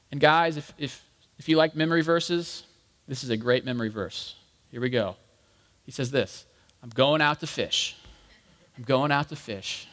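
A man's voice: on the high side, fairly bright tone. A man preaching a casual, conversational sermon, talking to the congregation as "guys" and acting out quoted lines. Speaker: pastor. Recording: long hall reverb.

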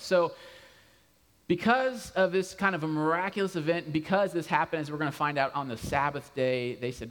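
A male pastor giving a conversational sermon, animated and full of humorous asides. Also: a little high, moderate pace. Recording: long hall reverb.

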